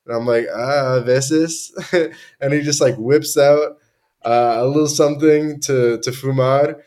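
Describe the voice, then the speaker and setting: A man's voice: medium pitch, fairly even intonation, measured pace, mellow. A young man from Canada, a podcast guest telling travel stories in a laid-back, slangy way with many restarts. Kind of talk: casual chat.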